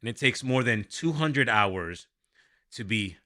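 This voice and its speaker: A young adult man hosting a casual podcast as a worship leader, animated and laughing, thinking aloud with restarts. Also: mid-range voice, measured pace.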